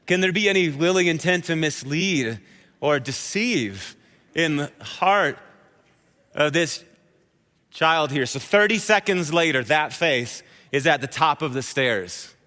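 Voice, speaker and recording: A man in his thirties preaching a sermon to a live congregation, telling a personal story in a conversational, animated way. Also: a little high, measured pace. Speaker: pastor. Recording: hall reverb.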